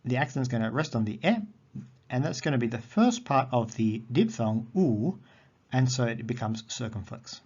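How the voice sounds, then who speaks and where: Male teacher, mid-pitched, patient and repetitive, on a dull lo-fi recording. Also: expressive, a little mellow, husky. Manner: patient explaining, repeats words slowly. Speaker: Greek teacher. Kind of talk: recorded grammar lesson. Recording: dull lo-fi audio.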